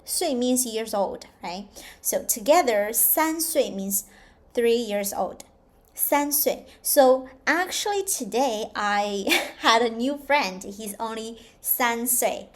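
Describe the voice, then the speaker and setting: A woman teaching a slow, patient language lesson, repeating each sound clearly for learners. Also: a little high, lively intonation. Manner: drawn-out, repeated model pronunciations. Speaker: Chinese teacher.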